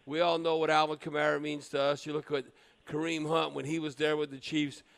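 Male co-host, Cajun accent, higher-set voice, teasing sports-radio banter. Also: little pitch movement, brisk, vocal fry, fairly bright tone. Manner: joshing, teasing. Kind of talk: casual sports radio chat.

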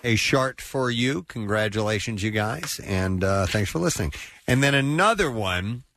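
A man hosting a casual radio show, reading listener shout-outs in a lively, chatty way. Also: lowish voice, normal speed. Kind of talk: casual morning radio banter.

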